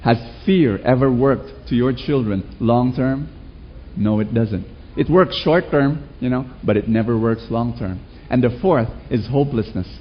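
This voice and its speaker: The mid-range voice of the male preacher comes a little slowly, with the highs cut off and slight noise in the background. He tells animated stories, asks the congregation rhetorical questions, and invites their responses.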